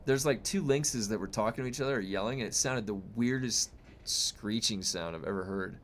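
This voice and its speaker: Streamer type: young man, slightly low voice, loose rambling chat with his audience. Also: fairly quick, a bit bright, slight background noise. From United States. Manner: rambling, chatty, with frequent fillers and restarts. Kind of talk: casual chat reading viewer comments.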